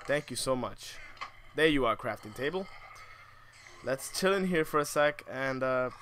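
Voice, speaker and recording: A man's voice: medium pitch, lively intonation, measured pace, a bit bright, slight background noise. A young man commentating his own survival game, swinging between muttered asides and shrieking outbursts full of swearing. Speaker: gamer.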